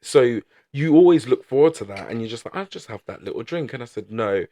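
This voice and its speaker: A man co-hosting a podcast in casual chat, chatty and playful with quick reactions. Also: mid-range voice, lively intonation, warm tone. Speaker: podcast co-host.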